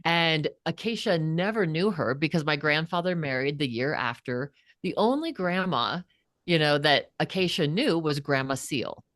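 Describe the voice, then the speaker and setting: A woman's voice: deep voice, normal speed, no room sound, studio quality. A woman guest and author in an interview, telling a personal story earnestly and with animation. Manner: earnest, animated, acts out quoted voices.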